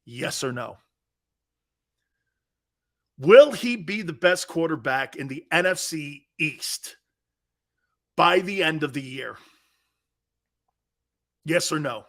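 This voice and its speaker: A man hosts a live sports talk show in a brash, trash-talking way, often breaking into laughter. His voice sits high for a man and has a bright, forceful edge. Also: expressive, slow pace, pauses often. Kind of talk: live sports radio show reading listener chat.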